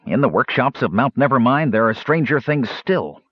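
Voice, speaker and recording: A man's voice: medium pitch, lively intonation, moderate pace, breathy edge, no echo, lo-fi sound. A man voicing a gloomy male gnome inventor who speaks in a morose, foreboding way. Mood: ominous.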